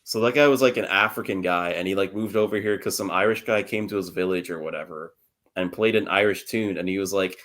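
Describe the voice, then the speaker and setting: A young man with a low, deep voice chatting casually on a podcast. He rambles through long stories, laughs often and drops the odd swear word. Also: brisk, fairly bright tone. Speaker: podcast co-host. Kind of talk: casual chat.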